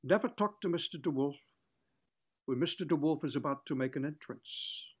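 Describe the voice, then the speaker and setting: A man's voice: fairly high pitch, normal speed, slightly rough. A man doing an impression of a haughty older male stage actor who speaks of himself in the third person in a very affected, pronounced way. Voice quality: very pronounced, affected speech pattern. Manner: grand third-person self-reference.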